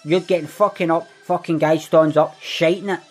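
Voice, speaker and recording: In a Glaswegian Scottish accent, a man voices a boastful, foul-mouthed young ned from Glasgow, spinning bragging tales laced with heavy swearing in a scripted comic piece. The delivery is lightly acted, a little high, fairly even, and at a moderate pace, with faint music in the background.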